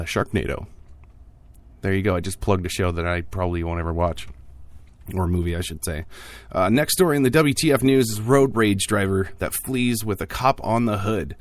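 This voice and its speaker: A man with a deep, low voice hosts a laid-back news podcast. He reads each story loosely, breaking off for sarcastic asides and plenty of ums and uhs. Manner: jokey, offhand asides with frequent fillers. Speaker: podcast host. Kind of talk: casual tech news podcast.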